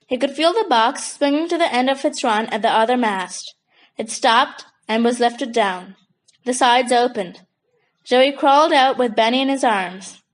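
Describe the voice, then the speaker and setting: A woman's voice: fairly high pitch, unhurried, poor audio. Woman reading a children's book aloud. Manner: steady storytelling. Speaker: audiobook narrator. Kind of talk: scripted children's book narration.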